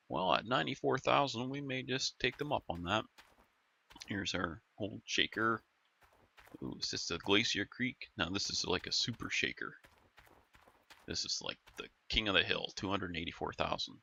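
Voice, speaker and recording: A man's voice: lowish voice, expressive, moderate pace, gravelly, bright, forceful tone, husky, dull audio. A man giving casual, rambling commentary while playing a video game, musing aloud with plenty of fillers. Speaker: gaming YouTuber.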